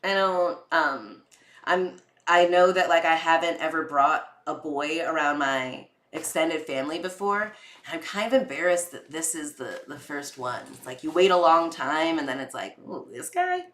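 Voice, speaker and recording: Woman, podcast host, casual storytelling, lowish voice, chatty, echoey room. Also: moderate pace, a bit bright. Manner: chatty, candid, full of fillers and acted-out quotes.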